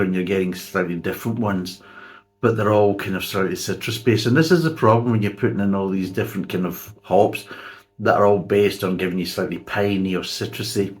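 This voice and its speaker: A man, reviewing a beer in a blunt, sarcastic way and swearing freely. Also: deep voice. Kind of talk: casual spoken review.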